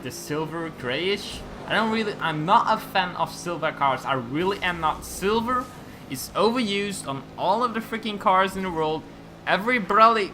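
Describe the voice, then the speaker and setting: A man's voice: high-pitched, bright, forceful tone, slight background noise. A young man from Belgium with a Dutch-native accent, rambling and tripping over words while commentating on a racing game. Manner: rambling, stumbling over words, swearing casually. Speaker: gaming YouTuber. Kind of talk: gameplay commentary.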